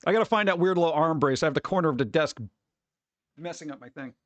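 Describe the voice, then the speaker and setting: A man's voice: fairly high pitch, fast, no echo, muffled recording. A man streaming live, chatting casually and rambling as he reads comments from chat aloud.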